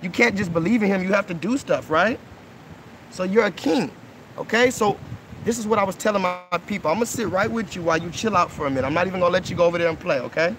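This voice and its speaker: Talking fast in a high-pitched, somewhat bright voice, this livestream host in his thirties speaks into his phone beside an outdoor pool, chatting casually with kids. He's earnest and coaxing, repeatedly asking "okay?" and "right?", and there's a faint hiss or hum.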